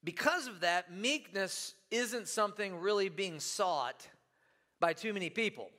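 Guy pastor preaching, bright sharp voice, lots of "right?" and repeats, long church echo. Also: high voice, lively intonation, measured pace. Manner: conversational, repeats words, asks the room "right?". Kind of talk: sermon.

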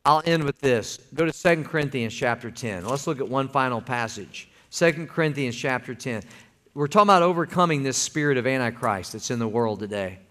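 A man's voice: mid-range voice, lively intonation, a little fast, pushed and bright. A man preaching a sermon as pastor, folksy and calling on the congregation to answer back. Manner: folksy, calls for congregation responses.

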